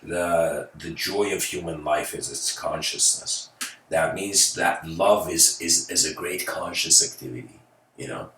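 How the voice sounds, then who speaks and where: A man's voice: low-pitched, steady tone, a little slow, sharp tone, far from the mic, slight background noise. Laid-back man giving a spiritual talk. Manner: casual, searching, laughs between thoughts. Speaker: spiritual speaker. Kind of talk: live-streamed spiritual talk. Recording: roomy sound from away from the mic.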